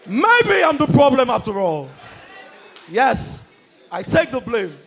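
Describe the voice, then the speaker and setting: A Nigerian man doing stand-up comedy, energetic and shouting his punchlines. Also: extremely high pitch, takes it slowly, creaky, slightly rough, some chatter behind.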